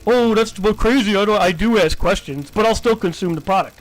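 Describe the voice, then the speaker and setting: A man's voice: high-pitched, fairly quick, natural voice. A man voicing a whiny teenage boy in sulky, complaining mimicry. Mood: sulky whining.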